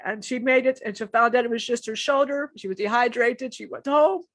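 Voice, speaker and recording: A woman channeling a spiritual message, speaking in an emotional, halting way with many restarts and repetitions. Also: a little high, no room sound.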